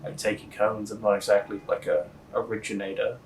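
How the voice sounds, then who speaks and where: A young man telling a story in a casual, deadpan interview, rambling with lots of fillers. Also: fairly low pitch, a little fast, recorded from a distance, a little hiss or hum, low-quality recording. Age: young adult.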